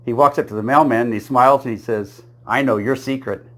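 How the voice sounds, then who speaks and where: A man runs through one joke after another at an even, middle pitch. His delivery is dry and unhurried. He keeps the setups plain and now and then laughs at his own punchlines. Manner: deadpan storytelling, laughs at own jokes. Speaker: comedian telling jokes. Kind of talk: joke-telling monologue.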